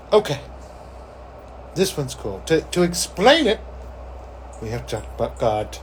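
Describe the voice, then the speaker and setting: A man's voice: mid-range voice, sing-song, slow pace, long pauses, slight background noise, poor audio. A man hosting a psychic show, telling a story in a rambling, casual way, full of "like" and "you know". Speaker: psychic host.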